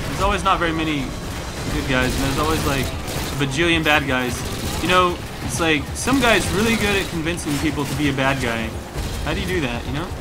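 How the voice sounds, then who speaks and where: A man doing jokey, excitable let's play commentary, exclaiming at the game as he plays. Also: a little high. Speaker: gaming commentator. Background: loud game music and gunfire.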